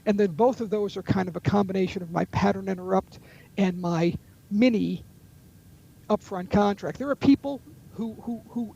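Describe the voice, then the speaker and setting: A man's voice: sits high, gravelly, warm tone, muffled recording. A man who trains salespeople, explaining call techniques in a webinar with a confident coaching manner. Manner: coaching, confident, acts out sample phone calls. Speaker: sales trainer and author, guest. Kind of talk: webinar explanation with role-played call examples.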